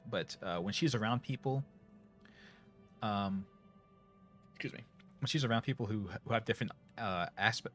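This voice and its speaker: A man's voice: fairly low pitch, a bit bright. A middle-aged man with a Northern US accent chatting casually to viewers, rambling with many fillers and restarts. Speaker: streamer. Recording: faint music behind.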